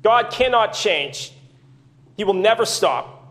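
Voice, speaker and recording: A man with a high-pitched voice preaches a sermon. He teaches earnestly and at a steady pace, stopping to put rhetorical questions to his listeners. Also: slow pace.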